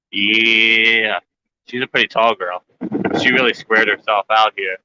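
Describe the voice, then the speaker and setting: Bright, crisp-voiced man rambling. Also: mid-range voice, steady tone, normal speed, dry recording, highs cut off. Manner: rambling, jokey, talks to his plants. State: short on sleep. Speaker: grow channel host. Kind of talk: casual walkthrough vlog.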